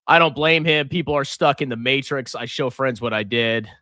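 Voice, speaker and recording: A man doing loud, sarcastic reaction commentary as a finance channel host, reading out and mocking viewer comments. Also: medium pitch, normal speed, no room sound, studio quality.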